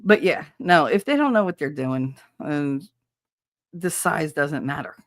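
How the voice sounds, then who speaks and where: A woman with a lowish voice chats casually with her live-stream viewers, candid, crude, and quick to giggle. Her animated voice is close and dry on the mic, with no echo or room sound.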